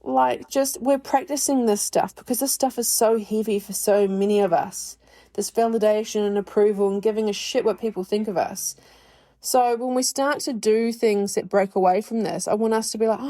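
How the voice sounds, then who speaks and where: A woman's voice: mid-range voice, moderate pace, warm tone, no echo. A woman in her forties hosting a podcast, talking candidly and bluntly about her own life, swearing freely and laughing often. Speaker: podcast host. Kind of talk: candid personal monologue.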